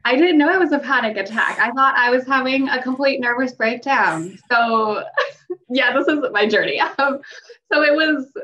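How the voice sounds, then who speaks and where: Her voice is high-pitched and expressive, bright and forceful, at a moderate pace, with a little hiss or hum in the background. She's a young mental health clinician guesting on a podcast, recounting her story in a chatty way full of fillers and laughs, over dull, distant remote-call audio.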